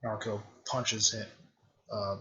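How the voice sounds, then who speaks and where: A man casually recapping a story in a rambling way, with lots of fillers and frequent throat clearing. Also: lowish voice, flat delivery, unhurried, sharp tone. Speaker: video creator recapping a fan series. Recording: dull lo-fi recording.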